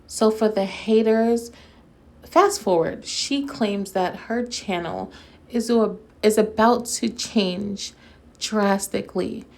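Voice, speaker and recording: A woman's voice: medium pitch, slow pace. Sarcastic woman doing casual commentary. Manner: sarcastic, mocking, laughs often; speaks directly to her audience as friends. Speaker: commentary YouTuber.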